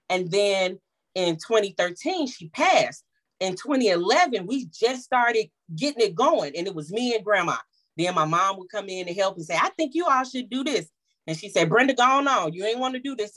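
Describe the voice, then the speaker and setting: A woman in her thirties telling a personal family story, bringing the voices of her relatives to life. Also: medium pitch. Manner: animated, acts out the voices of family members. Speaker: small business owner.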